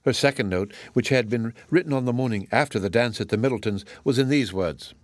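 A man reading a classic novel aloud as an audiobook narrator, in a measured, even manner. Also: mid-range voice, no room sound.

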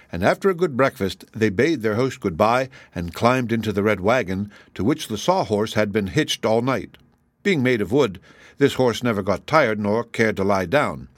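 A man narrating an audiobook in an expressive storytelling manner. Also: on the low side, no room sound.

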